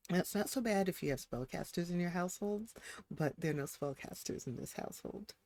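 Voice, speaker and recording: Speaking fairly quickly in a slightly mellow, medium-pitched voice, a game streamer chats casually on a live stream. They talk to the on-screen characters as they play.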